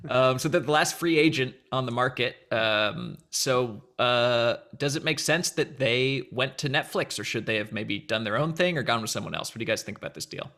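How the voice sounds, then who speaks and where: A man's voice: medium pitch, moderate pace, few pauses, bright, forceful tone. A man hosting a casual entertainment news chat, joking and playful as he goes. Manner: jokey, playful asides. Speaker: host.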